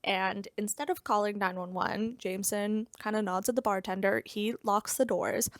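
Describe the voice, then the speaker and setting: A woman's voice: mid-range voice, fairly even intonation, moderate pace, no echo. Young woman, book recap, blunt, sarcastic, swears, dry recording. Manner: blunt, profane, sarcastic asides. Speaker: book reviewer. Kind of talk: casual plot recap.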